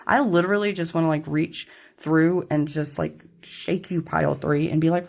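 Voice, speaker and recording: A woman's voice: sits low, steady tone, moderate pace, vocal fry, hardly any pauses, a little mellow. A woman giving a casual tarot reading to her camera, chatty and rambling, apologizing when she gets tongue-tied. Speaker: tarot reader. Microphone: camera mic.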